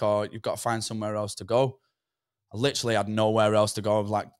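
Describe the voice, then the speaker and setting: A man's voice: fairly low pitch, fairly even intonation, quick pace, no echo, studio quality. A young man telling a rambling story from his past, with swearing and lots of "do you know what I mean". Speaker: podcast guest. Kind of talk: casual storytelling.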